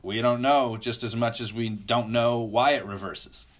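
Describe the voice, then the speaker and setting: A man explaining the reversals of the magnetic field as a guest, in measured and clear sentences. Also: medium pitch, steady tone. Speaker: geophysicist guest. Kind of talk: explanatory conversation.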